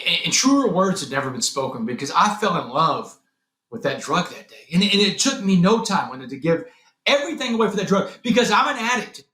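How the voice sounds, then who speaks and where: A man's voice: high voice, pushed and bright. A man from Texas, a podcast guest telling his personal story dramatically and acting out the voices of others. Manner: dramatic, acts out quoted voices. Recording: roomy echo with faint music behind.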